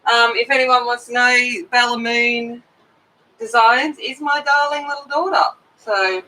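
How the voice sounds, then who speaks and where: A woman's voice: fairly high pitch, fairly even intonation, a little slow, pushed and bright, rough recording. A middle-aged woman hosting a coloring live stream, chatting casually and rambling as she greets viewers by name.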